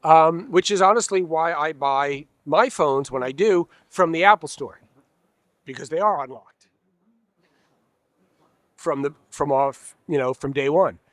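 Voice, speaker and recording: A man's voice: fairly high pitch, measured pace, pauses often, a bit bright, no room sound. A man in a casual interview, speaking as a trade association president, candid and wry, acting out customers and dealers in little quoted asides. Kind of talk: conversational interview. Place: expo hall.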